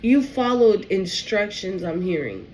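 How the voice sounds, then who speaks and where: A woman's voice: medium pitch, big pitch swings, measured pace, darkish tone, faint music behind, low-quality recording. A woman doing a casual spiritual tarot reading, emotional and swearing freely as she talks straight to the viewer. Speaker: tarot reader.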